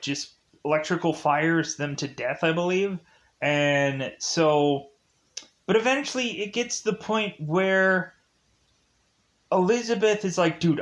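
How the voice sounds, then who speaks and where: A young man casually recapping a film, rambling with many fillers and acting out the characters' lines. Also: on the high side. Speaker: film reviewer.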